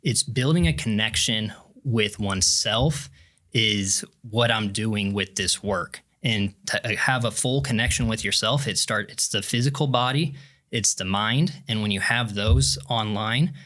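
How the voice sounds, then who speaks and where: A man from Kansas, a mindset coach guest, explaining his methods in an earnest, measured way during a casual podcast interview. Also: fairly low pitch, pushed and bright.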